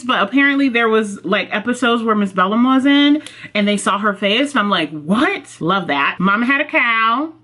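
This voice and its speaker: A woman book vlogger chatting casually and excitedly at home. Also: mid-range voice. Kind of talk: casual vlog chat. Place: home office, indoors.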